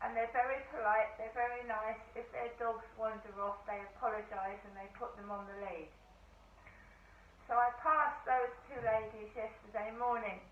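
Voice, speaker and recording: Hoarse woman vlogging from home. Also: fairly high pitch, steady tone, normal speed. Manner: rambling, chatty storytelling. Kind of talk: casual diary-style chat. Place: at home in her flat. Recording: echoey room, distant mic, dull sound, faint hiss.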